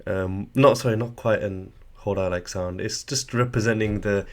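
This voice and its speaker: Guy with a lowish voice doing a patient tutorial, stops to fix himself a lot. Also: fairly even intonation, normal speed. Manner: patient, correcting himself as he explains. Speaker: language teacher. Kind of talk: tutorial explanation.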